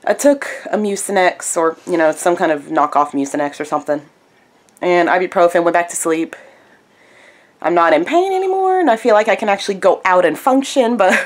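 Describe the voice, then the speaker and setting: A woman vlogging casually from home, her voice raspy and stuffed up from congestion, chatting in a rambling way with lots of fillers. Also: fairly low pitch. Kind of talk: casual daily vlog.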